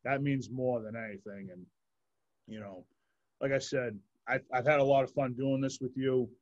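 A man's voice: mid-range voice, steady tone, normal speed, dull audio. A man hosting a podcast interview, chatting casually and enthusiastically, leaning on "like" as he talks. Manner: rambling, heavy use of "like", enthusiastic. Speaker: podcast host.

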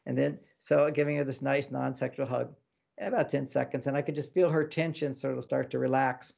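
A man, an author of relationship books, giving casual advice as a podcast guest, animated and fond of acting out little quoted exchanges with a laugh. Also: mid-range voice, a little fast, gravelly, muffled recording. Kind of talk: casual advice talk in an interview.

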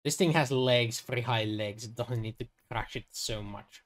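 Male game master, mid-pitched, halting filler-laden delivery, casual table narration. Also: fairly bright tone. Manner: hesitant, filler-heavy narration.

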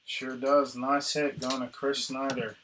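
A man's voice: medium pitch, noisy background. A man hosting a card break, casually opening packs and reading out player names and teams. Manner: relaxed, reads out names and teams in a quick list.

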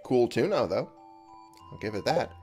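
A man's voice: mid-range voice, animated, normal speed, a little mellow, soft background music. A man giving casual gameplay commentary, sleepy and yawning, chatty and thinking aloud with frequent chuckles. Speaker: let's play gamer.

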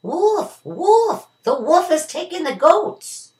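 A woman voicing a mischievous young shepherd boy who yells and cries out. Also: sing-song, extremely slow. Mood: yelling. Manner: shrill yelling cries.

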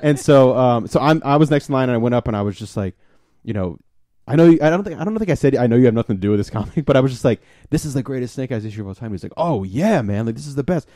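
A young man talks fast, rattling through a convention story and acting out each exchange. His voice is dark and mellow, recorded close and dry with no room sound. He swears freely and keeps the casual chat going. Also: medium pitch, dry recording. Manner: excited storyteller, swears freely, acts out quotes. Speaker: podcast co-host.

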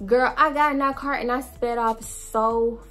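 Young woman vlogger, animated and profane storyteller, faint music bed. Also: a little high, measured pace. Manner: blunt, profane, animated retelling. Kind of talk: storytime vlog.

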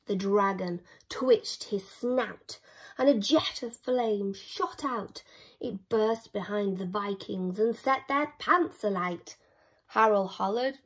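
Expressive woman reading a rhyming children's book. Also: fairly high pitch, slow pace. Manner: rhythmic, expressive rhyming delivery. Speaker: storyteller.

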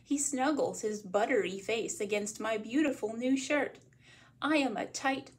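A woman from a library reading a picture book aloud as a bedtime story, in a gentle read-aloud manner. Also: on the high side, a little slow, husky.

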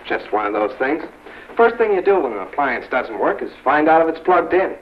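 A chipper, handy husband from an old 1950s film. His voice sits a bit high and bounces up and down. It comes through a muffled, hissy old soundtrack. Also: sing-song, moderate pace. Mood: breezy. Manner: breezy, reassuring.

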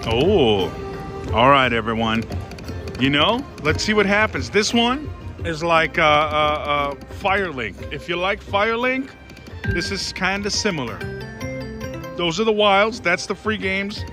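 A man playing slots on a casino floor, giving excitable running commentary and calling out to his viewers and his mom. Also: sits high, a little slow. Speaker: casino slot vlogger. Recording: casino floor with loud music. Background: slot machine music.

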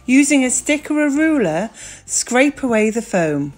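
A woman presenting a children's craft and breathing session, speaking warmly and directly to the children. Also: on the high side, a little slow, soft background music. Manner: warm, lively, addresses children directly. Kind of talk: friendly children's activity lesson.

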